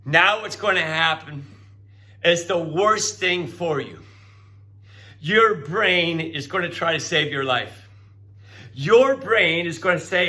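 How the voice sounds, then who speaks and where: Male teacher, middle-aged, lively classroom lecturer, high bright voice with big swings. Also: slow, long pauses. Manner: animated, coaxing, acts out voices.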